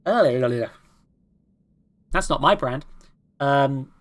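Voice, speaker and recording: A woman's voice: extremely low pitch, very slow. A woman plays a story game on stream, chatting casually. She talks in a self-deprecating way between reading the game's lines. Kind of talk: let's play with reading aloud.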